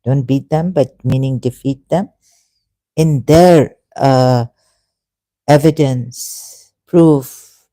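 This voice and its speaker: Guy, halting and earnest, dark mellow tone, dry sound. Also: mid-range voice, no echo. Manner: halting, many restarts and fillers, earnest and pleading. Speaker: religious video commentator. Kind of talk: emotional monologue to camera.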